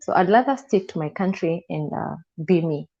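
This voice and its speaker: A woman's voice: lowish voice, animated, normal speed, dark tone. A woman with a Kenyan accent, a guest telling her personal story in an interview and acting out the dialogue with emotion. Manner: emotional, acts out quoted dialogue. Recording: slightly dull lo-fi sound.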